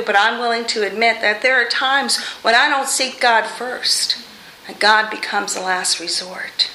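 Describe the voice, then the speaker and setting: A woman preacher giving a conversational, expressive sermon with touches of humor in a church. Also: on the high side, slight background noise. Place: church sanctuary. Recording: echoey room.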